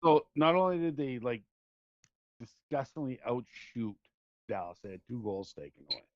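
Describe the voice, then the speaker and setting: A man's voice: medium pitch, very animated, normal speed, no room sound, dull audio. A man, a podcast co-host, joking and grumbling in casual sports chat. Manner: joking, grumbling about hockey.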